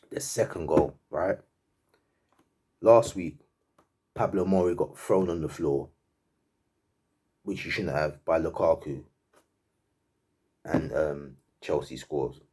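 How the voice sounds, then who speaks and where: Deep, warm and slightly rough, this man's voice carries a football fan's animated rant about a match. He laughs, sounds disbelieving, and repeats himself in slangy commentary.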